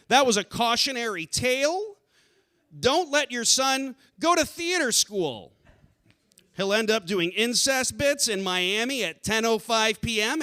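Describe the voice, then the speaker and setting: Bright-voiced man doing stand-up. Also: extremely high pitch. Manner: deadpan, self-deprecating, bursts into shouted rants. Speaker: stand-up comedian. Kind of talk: live stand-up set. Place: comedy theater stage.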